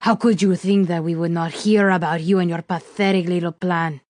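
A woman voicing a cruel, mocking male gang thug who talks slowly and low in an audiobook reading. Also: steady tone, darkish tone, dry recording, clean studio sound, natural voice. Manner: slow, low and contemptuous.

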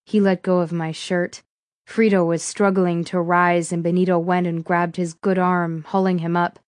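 A woman reading a first-person thriller audiobook in a steady, measured way. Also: fairly low pitch, no echo, studio quality. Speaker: audiobook narrator.

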